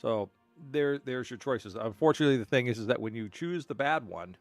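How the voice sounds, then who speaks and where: A man's voice: mid-range voice, lively intonation, a little fast, no echo, soft background music. A man streaming a game, telling a long story casually, with frequent restarts and stammered repeats. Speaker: gaming streamer.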